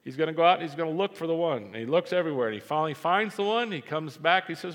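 A man preaching a sermon as pastor, animated and repeating phrases for emphasis. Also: a little high, rapid-fire, few pauses. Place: church sanctuary. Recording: reverberant hall.

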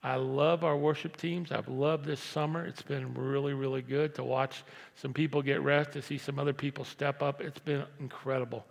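A man preaching a conversational sermon as pastor, moving from quiet asides to loud, emphatic repeated lines. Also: medium pitch, gravelly. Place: large church hall. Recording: long reverb of a church hall.

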